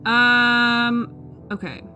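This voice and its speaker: Bright-voiced woman player, hesitant. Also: a little high, steady tone, very slow, muffled recording, soft background music. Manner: hesitant, laughs often, many fillers. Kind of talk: casual tabletop play.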